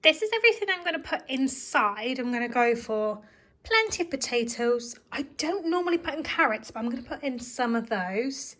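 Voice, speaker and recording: A woman's voice: high voice, animated, moderate pace, fairly bright tone, rough recording. A young woman vlogging casually from her kitchen, chatty, self-deprecating and a bit out of breath from tiredness. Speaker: vlogger, homemaker. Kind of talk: casual kitchen vlog chat.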